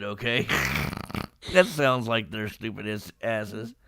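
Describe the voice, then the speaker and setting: A man hosting a casual live-streamed manga discussion, retelling scenes with lively put-on character lines and frequent laughs. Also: medium pitch, moderate pace, clean tone. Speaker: podcast host. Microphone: live stream microphone.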